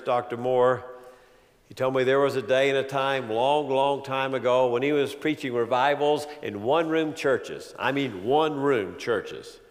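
Male pastor, sermon delivery, dynamic preaching with loud build-ups and hushed asides, long church reverb. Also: medium pitch.

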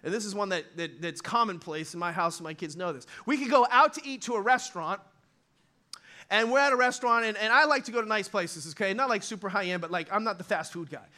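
A middle-aged man preaching a sermon in a loose, conversational way, talking straight to his congregation and now and then acting out short voices. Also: high voice. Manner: animated, conversational, acts out quick voices. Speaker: pastor.

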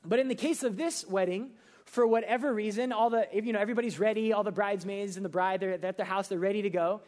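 A young man preaching a sermon in a casual, conversational way, full of fillers and quick acted asides. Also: high voice, darkish tone. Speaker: pastor.

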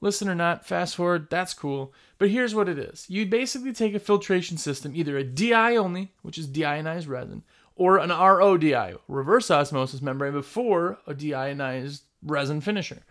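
A man's voice: on the high side, animated, normal speed, fairly bright tone. A man hosting a casual video about his trade, talking bluntly and emphatically, often repeating himself. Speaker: window cleaning business owner and video host. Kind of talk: casual vlog talk.

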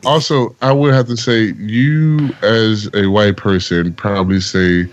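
A man from Texas, co-hosting a casual podcast chat, telling stories with heavy profanity and jumping way up in pitch to act out quotes. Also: unhurried, dry recording. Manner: animated storyteller who acts out quotes in a much higher voice; heavily profane. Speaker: podcast co-host. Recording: dry, slightly dull lo-fi audio.

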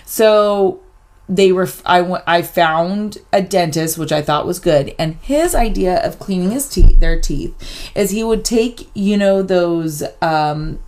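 Middle-aged mom on a podcast, kinda low voice, tells it animated, acts out who said what. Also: female voice. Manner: animated storyteller, acts out quoted exchanges. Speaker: podcast co-host. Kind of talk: casual chat, personal storytelling.

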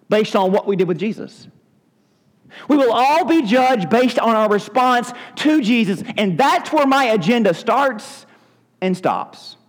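A man preaching a sermon as pastor, animated and acting out scenes from scripture with shifting voices. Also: sits high, long reverb tail, poor audio. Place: church sanctuary.

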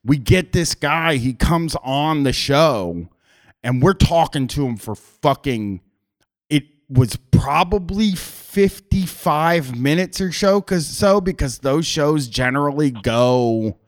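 A man's voice: fairly high pitch, animated, slow pace. Rambling, profane male podcast host. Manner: rambling, frequent restarts and swearing. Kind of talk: casual podcast chat.

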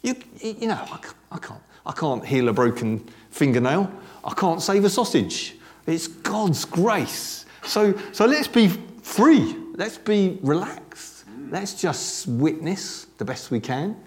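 A man preaching a sermon in a conversational, animated way, dropping joking asides to a congregation that answers back. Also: high voice, slow pace. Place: church service with congregation responding.

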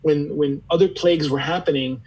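Male podcast guest, husky, earnest and searching, restarts phrases often. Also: on the high side, fairly even intonation, brisk, a little mellow, muffled recording. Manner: earnest, searching, repeats words as he gathers thoughts. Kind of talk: reflective conversational interview.

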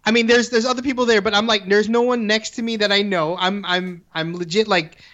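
A chatty speaker who rambles, stumbles over restarts and swears freely in a casual conversation. The voice sits at a middle pitch, and the recording sounds dull and lo-fi. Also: fairly even intonation, a little fast, fairly bright tone. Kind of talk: casual chat.

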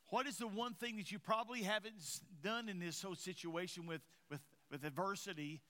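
A man preaching a sermon to his congregation in a conversational way, often stumbling over and repeating his words, his voice swinging from quiet and low to loud and rising. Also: brisk, few pauses. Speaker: pastor.

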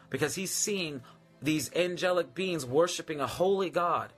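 Fervent man preaching over soft music. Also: sits high. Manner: fervent, drawn-out and reverent, often repeating phrases. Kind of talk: live-streamed sermon with scripture reading.

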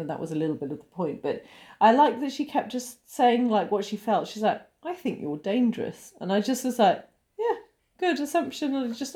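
A woman co-hosting a podcast in casual chat, animated, swearing and laughing often. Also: medium pitch. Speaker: podcast co-host.

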